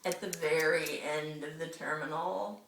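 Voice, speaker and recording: A woman telling a friend a story in casual chat, animated, often laughing and acting out the people she quotes. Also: low voice, unhurried. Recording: roomy, distant mic, noisy background.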